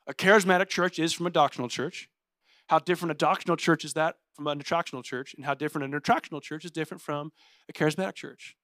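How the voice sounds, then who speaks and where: Young pastor guy preaching, high voice, super casual and animated, dry close sound. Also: no echo. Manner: casual, energetic, says "like" often; animated and playful. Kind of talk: sermon.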